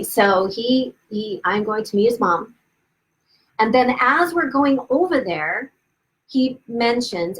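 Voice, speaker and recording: The recording is low quality, captured on a webcam or phone during a live stream, where a woman with a higher-pitched voice hosts her video series. Candid and casual, she shares her own story with frequent asides and restarts while laughing at her past.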